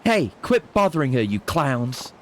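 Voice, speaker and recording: A man's voice: medium pitch, big pitch swings, a little slow, fairly bright tone, a little hiss or hum. A man reading out the lines of a tough, fiery young biker woman from a video game. His delivery is confident and full of cutting put-downs. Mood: defiant.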